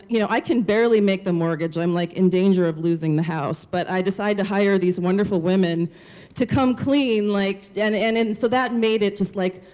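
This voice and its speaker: A woman's voice: mid-range voice, darkish tone. A woman telling a personal story on stage at a live storytelling show, candid and casual, swearing and saying "like" a lot. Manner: candid, profane, lots of "like".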